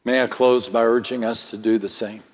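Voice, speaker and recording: A man preaching a sermon, slow and dramatic, his voice swelling higher at the most stirring moments. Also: fairly even intonation. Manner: slow, dramatic delivery with sudden swells in pitch. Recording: long hall reverb.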